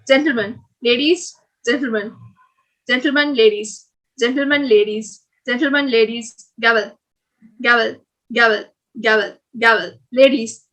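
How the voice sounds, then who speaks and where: Young woman hosting a game on a video call, high bright voice, chatty, laughs a lot. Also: low-quality recording. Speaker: game host at club orientation. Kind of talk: lively online game hosting.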